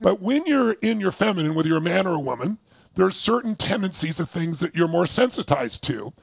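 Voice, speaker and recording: A man with a high, gravelly and husky voice tells stories with wide swings in pitch. He acts out other people's lines as he goes. The sound is close and dry. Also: fairly quick, no echo. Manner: animated storyteller, acts out his wife's lines in a high voice. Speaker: relationship seminar speaker. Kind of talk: lively talk to a seminar audience.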